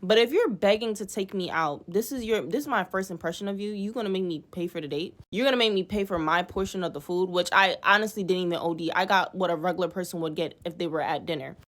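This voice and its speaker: A woman's voice: fairly low pitch, quick pace, few pauses. Exasperated young woman telling a storytime. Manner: animated, profane, exasperated retelling with acted-out quotes. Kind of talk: casual storytime to camera.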